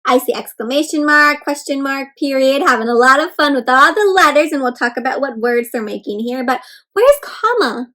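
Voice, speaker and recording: A woman reading a picture book aloud to children in an animated, teacherly way, asking them to point and say words along with her. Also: high voice, brisk, hardly any pauses. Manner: animated, teacherly, prompting kids to join in. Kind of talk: interactive read-aloud for kids.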